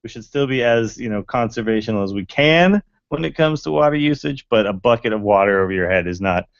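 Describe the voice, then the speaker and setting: A man's voice: mid-range voice, lively intonation, fairly quick, creaky, no room sound, dull audio. A man co-hosting a podcast, talking in a casual, enthusiastic and rambling way with lots of fillers. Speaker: podcast co-host. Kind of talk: casual sports chat.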